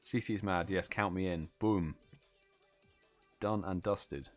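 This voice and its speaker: Low-voiced tired British man streaming. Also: slow, soft background music. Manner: chatty, reads out chat messages, yawns and laughs. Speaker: livestream host. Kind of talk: casual live stream chat.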